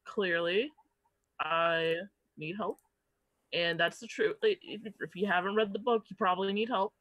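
A woman telling a story as a guest in casual podcast chat, animated and swearing casually. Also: lowish voice, moderate pace, no room sound.

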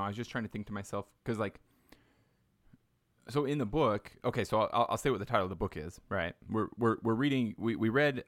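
Podcast host, man, low voice, dry close sound, rambling restarts. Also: a bit bright, no room sound. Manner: thinks aloud with frequent restarts. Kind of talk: casual chat.

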